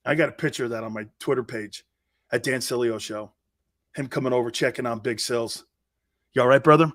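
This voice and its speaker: A man hosting a live sports talk show, telling stories in an animated way that swings from hushed asides to loud bursts, with blunt, swaggering banter. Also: mid-range voice, fairly quick.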